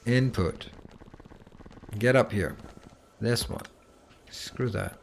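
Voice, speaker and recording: A man's voice: medium pitch, drawn-out words, gravelly, a little hiss or hum. A game streamer talking to himself while he plays, muttering and breaking into exasperated outbursts, with a Danish accent. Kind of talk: live gameplay commentary.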